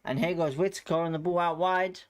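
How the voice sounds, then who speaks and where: A man hosting a live football watchalong who calls the play with excitable reactions and greets chat viewers by name between moments of the match. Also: on the high side, a little fast. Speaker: watchalong host.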